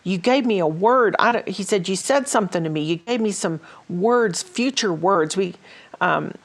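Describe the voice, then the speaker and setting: A woman's voice: medium pitch, lively intonation, normal speed. A woman hosting a ministry talk show, telling stories in a casual way with many fillers and restarts. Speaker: host.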